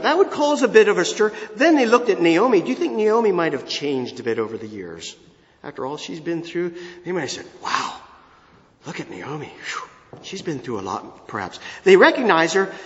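Lively man teaching a Bible story. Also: fairly high pitch. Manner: expressive, asks listeners questions. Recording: dull lo-fi sound in a reverberant hall.

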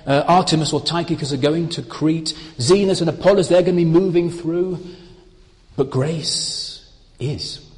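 A man preaching a sermon, explaining Bible words in a slow, deliberate, emphatic way. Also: on the high side, fairly even intonation, a little mellow, in a large hall.

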